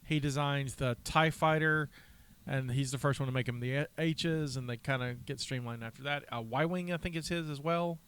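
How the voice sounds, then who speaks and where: A man co-hosting a casual fan podcast, loud and jokey, laughing often and swearing offhandedly. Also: mid-range voice, normal speed, smooth. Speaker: podcast co-host. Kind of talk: casual chat.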